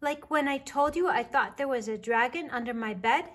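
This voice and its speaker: A woman voicing a small, curious young male bear cub in a children's storybook reading, eagerly asking question after question in a breathy voice. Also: sits high, moderate pace, a bit bright, pitched above the performer's own voice.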